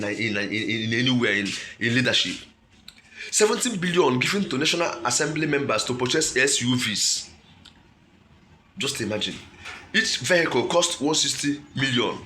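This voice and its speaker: Emphatic Nigerian man, bright voice. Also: medium pitch, a little hiss or hum. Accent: Nigerian English. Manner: emphatic, asks himself "what?" before key words. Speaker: commentator. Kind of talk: reading and commenting on a statement.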